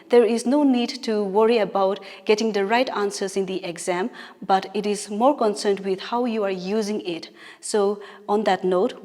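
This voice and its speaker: A woman's voice: medium pitch, darkish tone. A woman with a Naga English accent, teaching a grammar lesson patiently and often checking in with "all right?". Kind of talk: classroom lesson. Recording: reverberant room with long echo.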